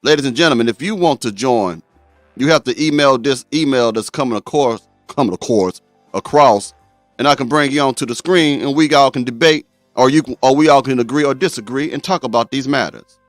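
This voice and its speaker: A man's voice: mid-range voice, fairly quick, no echo, soft background music. A man hosting a live-stream talk show, speaking bluntly and straight to his viewers. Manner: blunt, addresses viewers directly.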